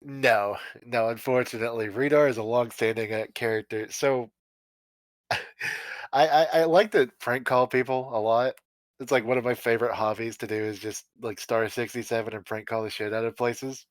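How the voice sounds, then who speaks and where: A man's voice: medium pitch, fairly even intonation, moderate pace, dry recording, poor audio. Profane, giggly man on a dry mic. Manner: rambling, profane, laughs often. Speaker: guest musician. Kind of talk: casual podcast chat.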